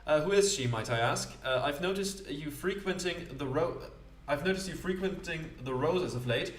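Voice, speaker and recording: A man's voice: on the high side, expressive, normal speed, a little hiss or hum, lightly acted. A man reading lines for a curious young woman character in his own voice, polite and a bit hesitant. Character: poised young woman, courtesan narrator, curious. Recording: roomy sound, distant mic.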